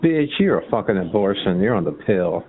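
Over a tinny phone line, a man calls into a chat line and trades insults and taunts in a heated argument. His fairly quick, sing-song delivery is mocking and taunting, swinging into a shrill sneer.

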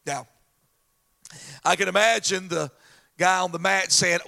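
A male pastor preaching a sermon, telling a Bible story in an animated way with folksy asides. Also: high-pitched, unhurried, vocal fry, long pauses.

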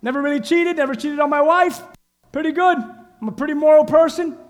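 A man's voice: extremely high pitch, brisk. A man voicing a smug, self-righteous Pharisee who boasts about his own goodness, in a church with a long echo.

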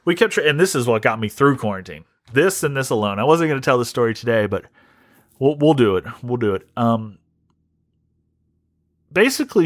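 A man hosts a comedy podcast, ranting and telling stories in a loose, rambling flow full of swearing and restarts. His voice sits at a middling pitch, recorded close and dry with no room sound. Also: no room sound. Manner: rambling, profane, restarts a lot. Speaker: podcast host. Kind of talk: casual comedic rant.

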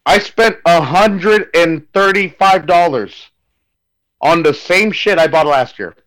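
A man's voice: fairly high pitch, slow, fairly bright tone, poor audio. Joking, profane man telling stories. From California. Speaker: podcast guest co-host. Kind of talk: casual political chat.

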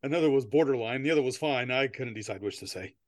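A man's voice: mid-range voice, lively intonation, fast talker, dry recording. A man hosting a casual comedy podcast who jokes around, goes off on goofy tangents and laughs often. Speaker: podcast host.

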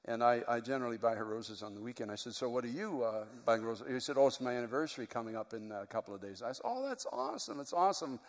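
A man's voice: mid-range voice, animated, fast, few pauses. Earnest male pastor in a reverberant hall. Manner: storytelling, earnest, emotional. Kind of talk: sermon.

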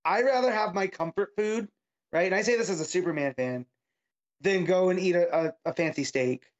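A man's voice: high-pitched, moderate pace, muffled recording. A man co-hosting a casual podcast, chatty and enthusiastic about comics, using lots of fillers. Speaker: podcast co-host. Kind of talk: casual comic book discussion.

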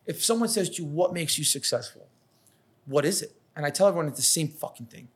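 A man in his thirties talks through his business stories with a lot of profanity. His voice sits a little high for a man, and he swings it up and down as he acts out what other people said. The talk is loose and conversational. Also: fast, slightly rough. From New York. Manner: profane, animated storytelling, acts out quotes. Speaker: catering business owner, podcast guest. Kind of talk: casual podcast conversation.

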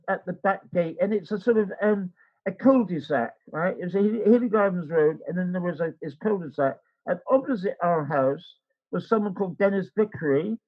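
A man's voice: sits high, muffled recording. An older man telling a rambling personal story in casual chat, acting out the voices of the people in it. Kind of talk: casual anecdote.

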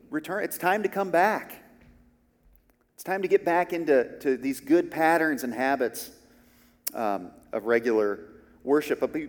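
A man's voice: on the high side, big-room sound. A man who is a pastor, preaching a sermon in an earnest, conversational way with frequent restarts.

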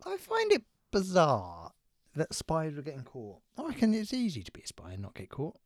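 A man's voice: a little high, wildly swooping pitch, moderate pace, no echo, clean studio sound. A man co-hosting a podcast, joking bluntly and breaking into sweary outbursts. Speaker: podcast co-host. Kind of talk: casual banter.

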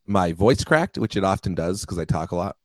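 Deep-voiced man chatting on a podcast. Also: lively intonation, a little fast, dry recording, low-quality recording. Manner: chatty, laughs often. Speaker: podcast co-host. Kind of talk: casual chat.

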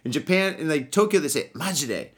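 A man hosting a casual drinking podcast, crude and excitable, swearing often. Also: fairly high pitch, brisk. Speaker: podcast host.

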